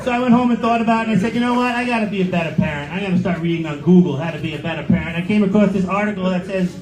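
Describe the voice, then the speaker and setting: A middle-aged stand-up comic, telling sarcastic, crude stories from a club stage. His voice sits high. The room rings around him and crowd laughter rises behind. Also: rapid-fire, reverberant, rough recording. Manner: crude, sarcastic storytelling with acted quotes. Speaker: stand-up comedian. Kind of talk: stand-up comedy set. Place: comedy club stage with audience.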